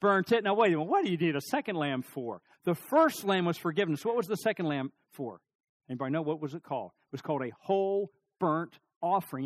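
A middle-aged man preaching a sermon, telling stories with lively emphasis, asking the congregation questions, and dropping to a near-whisper for serious points. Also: on the high side, fast, no echo. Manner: animated storytelling, rising emphasis and sudden drops to near-whisper. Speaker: pastor.

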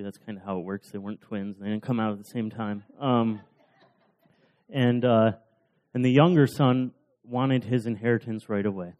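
A man's voice: fairly low pitch, muffled recording. A man preaching a sermon, retelling parables in a casual, conversational storytelling manner. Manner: casual storytelling with fillers and restarts.

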